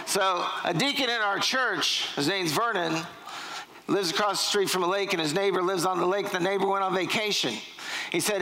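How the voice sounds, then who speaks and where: Middle-aged pastor, high bright voice, joking storyteller working the congregation, sermon in a church, faint room noise. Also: male voice, moderate pace, rough recording. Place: church sanctuary.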